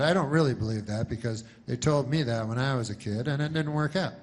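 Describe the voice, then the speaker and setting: A male stand-up comedian telling jokes in a deadpan, rambling way, full of restarts and filler. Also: mid-range voice, brisk, few pauses.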